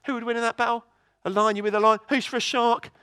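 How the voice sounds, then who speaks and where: Male preacher, high voice, animated storytelling sermon, stumbles and repeats words. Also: quick pace, clear, resonant tone, no room sound. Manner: lively, storytelling, many restarts and repeated words. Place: church.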